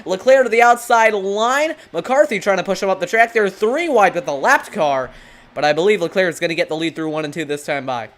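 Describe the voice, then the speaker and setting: A lead commentator calling an online sim race play-by-play, briskly reeling off drivers, positions and track corners. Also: mid-range voice, animated, a bit bright.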